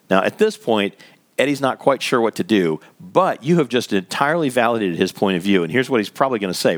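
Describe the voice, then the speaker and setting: A man's voice: fairly low pitch, very animated, fast. A man giving an instructional talk on workplace conversations, speaking conversationally and acting out scenarios. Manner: conversational, explains with acted scenarios, laughs lightly. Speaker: workplace communication trainer.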